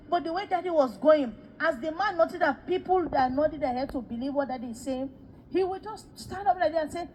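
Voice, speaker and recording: A woman preacher with a bright, high-pitched voice, delivering a testimony sermon about a vision. She tells the story with animation, slipping into the voices of the people in it and doubling her words for emphasis. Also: a little fast, a little hiss or hum, low-quality recording. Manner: animated storytelling, acts out quoted dialogue.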